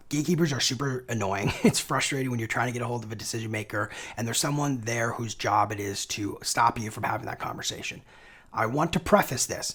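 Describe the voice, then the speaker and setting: Upbeat husky man teaching sales. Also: mid-range voice, fairly bright tone. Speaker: sales coach and channel host. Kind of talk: instructional video lesson.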